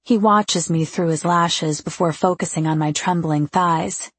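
A woman with a husky, gravelly voice narrating a first-person novel in an intimate, confiding way. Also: on the low side, unhurried, no room sound. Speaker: audiobook narrator.

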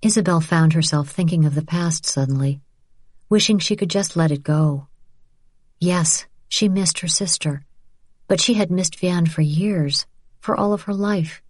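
Low-voiced woman reading an audiobook, steady pace, dry close mic. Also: no echo. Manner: measured, steady storytelling. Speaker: audiobook narrator. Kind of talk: scripted narration.

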